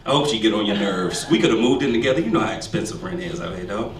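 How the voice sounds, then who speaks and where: A man in his thirties doing a stand-up comedy set on a club stage, with animated, punchy delivery. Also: lowish voice, fast talker, crowd noise. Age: 30s. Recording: distant mic in a loud echoey room. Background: loud room ambience.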